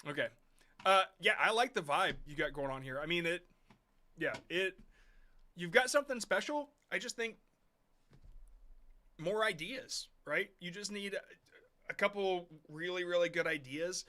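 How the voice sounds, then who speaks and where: Bright-voiced man hosting a casual stream. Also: sits high, normal speed, pauses often. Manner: blunt, rambling, swears casually. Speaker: host reviewing viewer shorts. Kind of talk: casual live-stream commentary.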